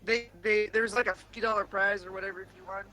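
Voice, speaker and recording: A friend in a group video call tells a rambling story with a high-pitched, pushed and bright voice, speaking quickly with fairly even intonation. He keeps restarting and saying "like". The poor computer-mic audio sometimes glitches robotically.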